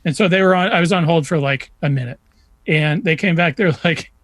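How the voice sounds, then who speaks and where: Male guest, fairly high voice, casual with stop-start phrasing, dry close sound. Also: fairly bright tone, dry recording. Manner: halting starts, quick back-channel agreement. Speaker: music journalist guest. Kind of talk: casual chat.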